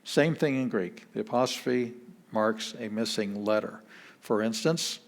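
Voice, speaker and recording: A pastor with a voice on the low side teaches an introductory Greek class in a relaxed, chatty manner. He repeats words slowly to demonstrate their pronunciation.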